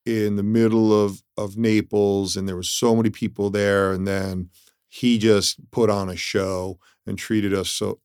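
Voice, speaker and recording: Relaxed man, low voice, dry close sound. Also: measured pace, clean tone, no echo. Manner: relaxed, rambling with restarts. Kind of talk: casual travel chat.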